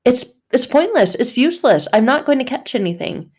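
A woman's voice: high-pitched, very animated, fairly quick, a little mellow, breathy edge, pitched above the performer's own voice, exaggerated voice. A woman voicing an angry, exasperated disciple who has caught nothing all night, ranting and indignant. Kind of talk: acted quote in a faith talk.

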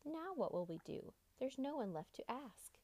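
A woman's voice: high voice, big pitch swings, moderate pace, warm tone, voice pushed up. A woman voicing an anxious flock of sheep in a children's storybook reading.

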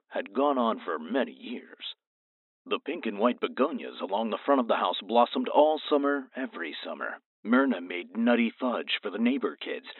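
A man narrating part of a story in a calm, slow reading. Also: medium pitch, no echo. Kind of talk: audiobook storytelling. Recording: tinny phone-like sound.

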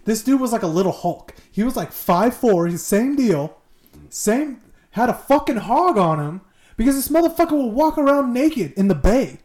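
A man's voice: very high voice, sing-song, normal speed, darkish tone, roomy sound. A man hosting a casual podcast from a dim room in his old house, joking crudely and swearing freely. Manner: profane, jokey, tells army stories. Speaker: podcast host.

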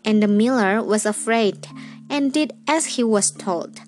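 A woman storyteller reading a fairy tale aloud in a gentle, measured way. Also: fairly high pitch, faint music behind.

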